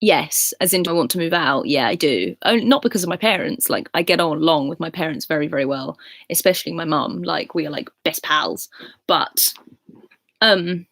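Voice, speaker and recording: A woman in her twenties with an English accent, hosting a casual live chat and answering viewers' comments in a relaxed, friendly way. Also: low-pitched, moderate pace, vocal fry, dry recording, clean studio sound. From England. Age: 20s. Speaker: livestream host.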